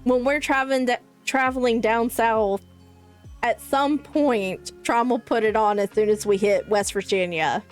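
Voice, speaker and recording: A woman's voice: on the high side, measured pace, faint music behind. A young woman from South Carolina with a Southern accent, chatting to her stream chat in a rambling way. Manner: chatty, rambling, many likes. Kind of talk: casual chat with live chat.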